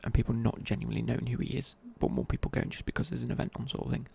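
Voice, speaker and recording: A man's voice: medium pitch, steady tone, very fast, creaky, dark tone, a little hiss or hum. A young man telling a rambling casual story in a whispered ASMR chat. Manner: rambling, casual, many fillers and restarts. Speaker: ASMR creator.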